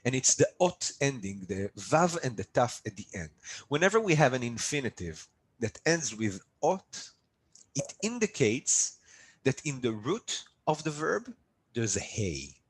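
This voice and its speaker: A man's voice: medium pitch, sing-song, unhurried, breathy edge, rough recording. A man teaching a live online language lesson, upbeat and coaxing his students to repeat drills after him over a video call. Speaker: Hebrew teacher.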